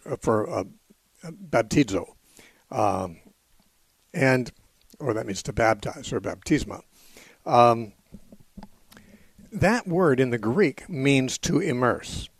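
A man hosting a call-in radio show, explaining Bible passages in a measured way and often correcting himself mid-sentence. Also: mid-range voice, animated, breathy edge, dry recording.

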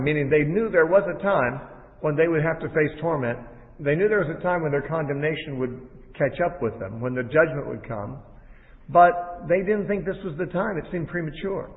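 A man teaching from the Bible in a measured, explanatory sermon style. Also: fairly high pitch, lively intonation. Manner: measured, explanatory, with quoted lines read aloud. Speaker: preacher. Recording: tinny phone-like audio in a large hall.

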